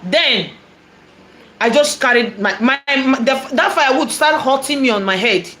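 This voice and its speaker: A woman's voice: sits high, normal speed. Nigerian woman telling a testimony. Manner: animated, repetitive storytelling with Igbo phrases. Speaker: prophetess. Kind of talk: testimony storytelling.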